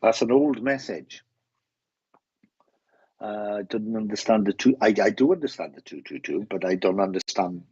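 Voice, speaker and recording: A Welsh man with a husky, slightly muffled voice, sounding dry and close to the mic. He gives live readings with halting speech, repeating words and restarting his sentences. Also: on the low side, darkish tone, no room sound. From Wales. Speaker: medium giving live readings. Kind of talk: live-stream readings to viewers.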